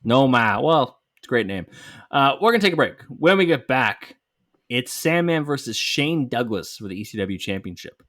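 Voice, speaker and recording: A man hosting a podcast in casual chat, relaxed, leading the rundown with dry jokes. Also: medium pitch, moderate pace, no room sound. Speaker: podcast host.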